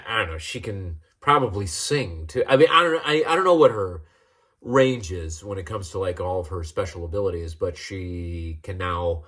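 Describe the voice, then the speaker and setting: A man's voice: low voice, breathy edge. A man hosting a casual monologue about acting, rambling with many restarts and fillers. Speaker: host.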